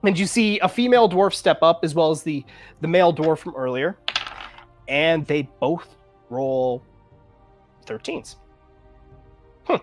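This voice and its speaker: A man's voice: on the high side, measured pace, pauses often, faint music behind. A man from Canada narrating a tabletop game as game master, loose and chatty. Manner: loose, lively narration with many fillers.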